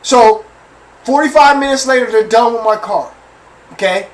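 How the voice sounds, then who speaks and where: Profane man telling an animated story. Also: extremely high pitch, moderate pace, far from the mic, low-quality recording. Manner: animated, profane, repeats phrases and asks the listeners for agreement. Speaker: podcast host. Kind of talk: casual storytelling rant.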